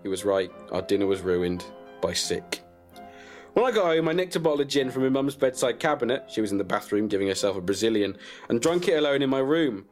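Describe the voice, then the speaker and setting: Deadpan man telling a crude story. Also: medium pitch, brisk, soft background music. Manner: deadpan, crude, breaks into laughter. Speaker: comic storyteller. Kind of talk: comic reading of a personal story.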